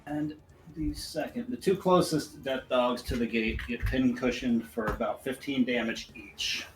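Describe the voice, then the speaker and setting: A man's voice: mid-range voice, unhurried, reverberant, faint music behind, rough recording. A man running a tabletop game as game master, narrating scenes with vivid description.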